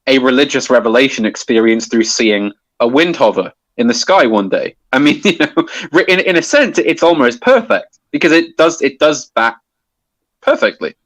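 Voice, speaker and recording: A man's voice: medium pitch, lively intonation, moderate pace, a bit bright, no room sound, rough recording. A man explaining a topic in casual conversation, hesitant with many restarts and fillers. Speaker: guest explaining poetry.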